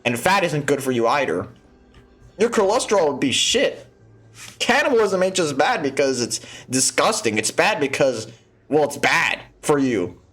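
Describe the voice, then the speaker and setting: A man doing let's play commentary, swearing freely and laughing at his own jokes. His voice sits a little higher than most men's. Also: very animated, moderate pace, a bit bright, slightly rough, faint music behind. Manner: profane, joking, laughs often. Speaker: gaming video host.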